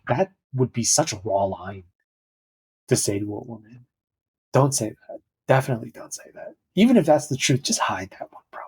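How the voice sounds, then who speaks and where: A man's voice: on the high side, sing-song, normal speed, a little mellow, a little hiss or hum. A young man hosting a podcast, rambling in a casual, jokey way that keeps interrupting itself. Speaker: podcast host.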